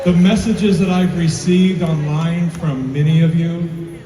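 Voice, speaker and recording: A man's voice: on the high side, steady tone, unhurried, over music. Earnest man speaking in a big hall. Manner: earnest, grateful, builds to emphatic peaks. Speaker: filmmaker speaking at a premiere. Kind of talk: heartfelt speech to a live audience. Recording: roomy hall, voice from far off, crowd and noise behind.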